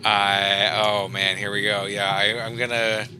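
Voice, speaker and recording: A man's voice: on the low side, flat delivery, unhurried, noisy background. A man playing a tabletop game, thinking aloud hesitantly as he decides his moves. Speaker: player.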